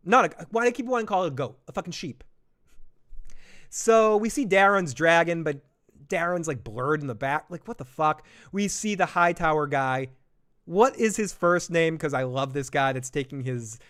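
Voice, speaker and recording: A man's voice: on the high side, lively intonation, moderate pace, fairly bright tone, smooth. A man hosting a live episode reaction stream, talking casually with lots of swearing, laughs and self-deprecating jokes.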